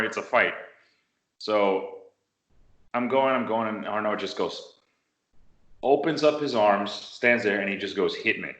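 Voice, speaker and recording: A man from the United States tells his story in a relaxed interview, lively and acting out the voices of the people in it. His voice sits a bit low but sounds bright and forceful. The room around him is roomy and echoey. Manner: animated storyteller, acts out quotes. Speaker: interviewee, martial arts practitioner. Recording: roomy echo.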